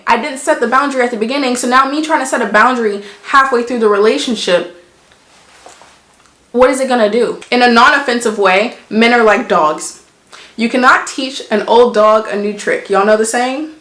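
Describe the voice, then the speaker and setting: Woman vlogger, sassy and emphatic, mid-pitched voice, echoey room sound. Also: a little fast, a bit bright. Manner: blunt, emphatic, sassy, uses examples. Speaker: vlogger giving relationship advice. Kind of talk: casual chat to camera.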